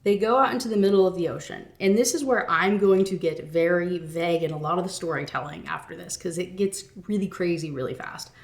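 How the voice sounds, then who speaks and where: A young woman retelling a dark romance novel in a loose, chatty rant. She swears freely, peppers everything with "like", and her voice sits a little low for a woman. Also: brisk, creaky, hardly any pauses. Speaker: book reviewer. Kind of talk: casual rant review.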